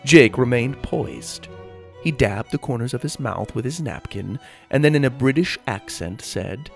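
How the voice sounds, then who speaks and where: A man narrating a children's story in an animated, expressive way. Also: medium pitch, unhurried, vocal fry, soft background music.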